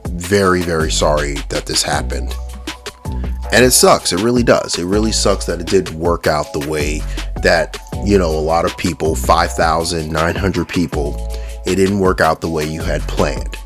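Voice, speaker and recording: A man's voice: deep voice, normal speed, over music. A man talking casually to camera in a profane, mocking rant about toy collecting. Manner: profane, mocking, with lots of fillers and restarts.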